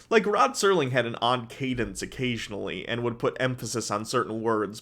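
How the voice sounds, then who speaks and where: A man's voice: mid-range voice, animated, fairly quick, few pauses, a bit bright. Chatty man reviewing a show. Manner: chatty, filler-heavy, self-correcting. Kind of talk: casual spoken review.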